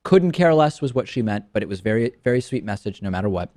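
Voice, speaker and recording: A man hosting a talk show, bantering in a wry, animated way with his co-host. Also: fairly low pitch, quick pace.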